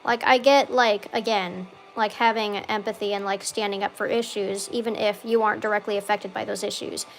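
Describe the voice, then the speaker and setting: A young woman chatting casually over gameplay, rambling with lots of "like" and swearing freely, with loud outbursts when the game goes wrong. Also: medium pitch, fairly even intonation, fairly quick, gravelly, hardly any pauses, faint music behind. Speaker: gaming streamer.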